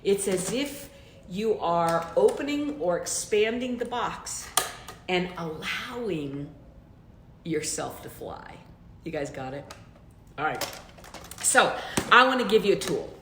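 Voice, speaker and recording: A woman coach delivers a motivational training with a very lively, up-and-down pitch, pressing her points with repeated direct questions. Her voice rings out in a roomy, echoey space. A faint rumble sits underneath. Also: takes it slowly, long pauses. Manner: emphatic, addresses listeners directly with repeated questions. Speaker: business coach.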